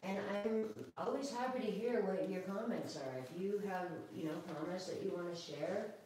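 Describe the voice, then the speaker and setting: A woman dog groomer giving a chatty, calm live grooming demonstration, talking now and then to the dog. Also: medium pitch, moderate pace, far from the mic, a little hiss or hum. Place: grooming room, indoors. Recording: echoey room, away from the mic.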